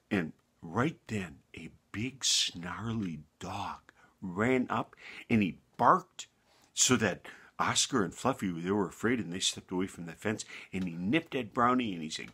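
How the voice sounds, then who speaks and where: A man narrating a bedtime story in a gentle, unhurried manner with small restarts. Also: low voice, animated, husky.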